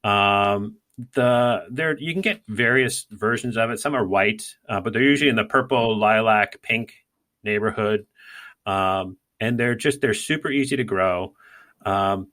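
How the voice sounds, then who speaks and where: Bright-voiced man chatting casually. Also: lowish voice, measured pace. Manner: rambling, many fillers and restarts. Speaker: podcast co-host. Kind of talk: casual gardening chat.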